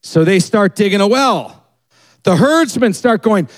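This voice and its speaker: A man preaching a sermon, retelling a story and acting out its people with quick changes in his voice. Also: high-pitched. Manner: animated, acts out the people in the story with quick shifts in voice. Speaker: pastor.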